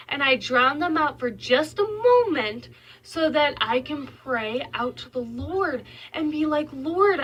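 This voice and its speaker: A woman's voice: high-pitched, pushed and bright. A young mother of five sharing a heartfelt, faith-filled vlog from her bedroom, talking earnestly and with emotion. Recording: voice slightly distant from mic.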